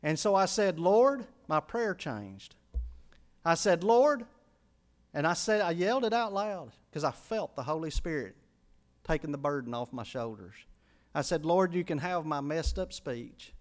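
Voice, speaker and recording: Male pastor, middle-aged, high voice, sermon testimony that swells to fervent shouts. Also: sing-song, moderate pace. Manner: emotional testimony, builds to loud pleading climaxes.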